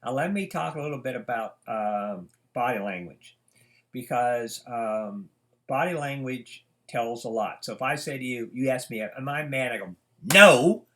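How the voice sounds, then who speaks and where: An older man gives a casual psychology lecture from his home. He rambles through anecdotes, stopping for fillers and restarts as he goes. His voice sits at an ordinary pitch. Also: normal speed. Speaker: psychology teacher. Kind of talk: informal lecture.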